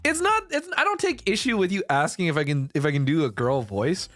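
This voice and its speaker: A man's voice: fairly high pitch, big pitch swings, fairly quick, a bit bright, no room sound. A man chatting casually on a live stream, rambling, restarting sentences and swearing often. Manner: rambling, heavy swearing, frequent self-restarts.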